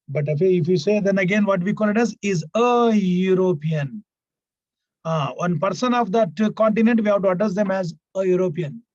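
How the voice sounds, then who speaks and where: A man teaching a grammar class online, repeating himself often and filling pauses with "right, right". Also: high-pitched, a little mellow, dry recording, lo-fi sound. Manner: repetitive, fills pauses with "what we call it as" and "right, right". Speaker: English teacher.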